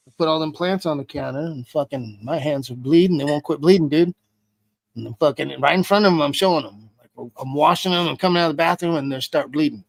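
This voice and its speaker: A man's voice: fairly high pitch, quick pace, creaky, no echo. A man being interviewed, telling a story casually with heavy swearing. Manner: profane, animated retelling with heavy swearing. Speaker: interview guest.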